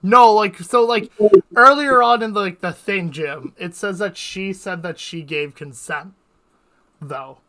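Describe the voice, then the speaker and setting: A man with a bright, forceful voice pitched a little high, chatting on his livestream. He rambles and leans heavily on filler words, with plenty of swearing mixed in. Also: takes it slowly. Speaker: streamer host. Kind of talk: casual livestream chat.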